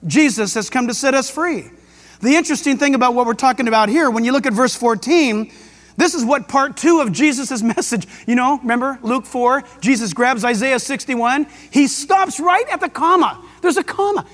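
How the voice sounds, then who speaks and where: Really high-voiced pastor guy preaching, gets all fired up, echo of a big church hall. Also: moderate pace. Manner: excitable, emphatic preaching with jokes and rhetorical questions. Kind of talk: sermon. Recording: long hall reverb.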